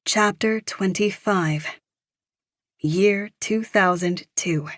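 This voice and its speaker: A woman narrates a thriller audiobook, keeping her storytelling measured and even. Her voice sits in the mid range, and the recording is dry with studio quality.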